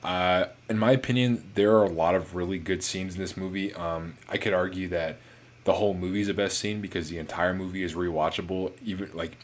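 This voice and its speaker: A man's voice: low-pitched, steady tone, brisk. A man giving a casual, rambling movie review on his channel, full of fillers and restarts.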